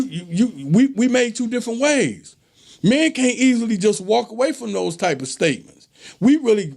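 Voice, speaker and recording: A man holds forth in a casual monologue, his voice pitched high with a gravelly edge. He talks emphatically and preachily, slipping into quoted voices as he makes his point. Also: a little mellow. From American South. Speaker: show host.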